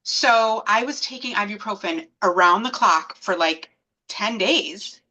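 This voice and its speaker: A woman in her thirties telling a personal story as an interview guest, animated and acting out the voices of people she quotes. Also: mid-range voice, measured pace, poor audio.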